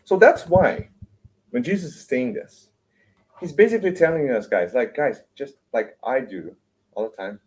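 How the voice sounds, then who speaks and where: A man's voice: mid-range voice, animated, normal speed, long pauses, darkish tone, slight background noise, rough recording. Male lecturer at a spiritual talk, chatty and informal, keeps checking in with the room and restarts words. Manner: conversational, keeps asking "right?"; repeats words and restarts often.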